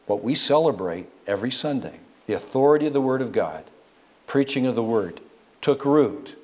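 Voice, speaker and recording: A middle-aged man preaching a sermon at a church service, swinging from quiet low asides to loud rising exclamations. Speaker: guest preacher.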